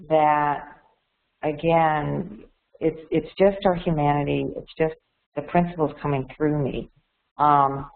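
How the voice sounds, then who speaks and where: A woman giving a candid, reflective talk on a webinar, often repeating words and restarting. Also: low-pitched. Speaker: webinar speaker. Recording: tinny phone-like line.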